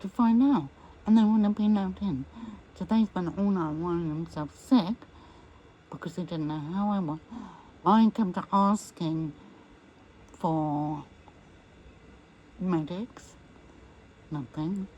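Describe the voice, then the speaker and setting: A woman's voice: fairly low pitch, warm tone, highs cut off, a little hiss or hum. A woman recounting a personal ordeal as an interviewee, acting out what others said to her. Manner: slow recounting that acts out quoted speech. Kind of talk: personal storytelling.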